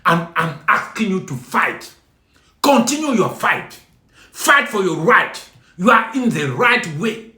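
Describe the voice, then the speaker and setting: Impassioned Cameroonian man, slow and high. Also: very animated. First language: French. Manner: emphatic and pleading, repeating lines, bursts of shouting. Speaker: video speaker addressing compatriots. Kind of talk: impassioned spoken appeal. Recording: echoey room.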